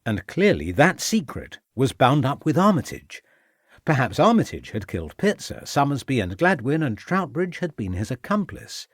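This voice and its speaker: A man's voice: mid-range voice, dry recording, clean studio sound. Man narrating a crime audiobook. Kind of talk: scripted narration.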